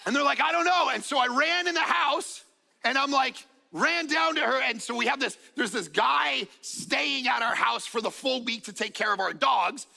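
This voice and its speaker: A high, gravelly man's voice, bright and forceful, delivering an animated sermon. He tells a story, acts out what people said, and jokes along the way. A long reverb from the church hall trails each phrase. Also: normal speed. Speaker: pastor. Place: church auditorium.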